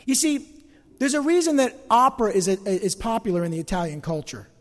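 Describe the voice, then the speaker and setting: A middle-aged man preaches from the pulpit in a high, bright voice that swoops widely between lines. He jokes at his own expense and acts out everyday gripes with animated flair. His words ring out with a long reverb through a large church sanctuary. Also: brisk. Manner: animated, humorous, self-mocking, acting out complaints. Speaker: pastor. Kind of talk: sermon.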